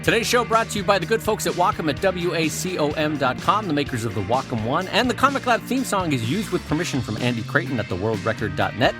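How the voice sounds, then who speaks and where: A male podcast co-host with a high voice that leaps around a lot, quick to tease and joke. Music runs clearly behind his talk. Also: sing-song. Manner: playful, teasing, quick-witted. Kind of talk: casual podcast chat.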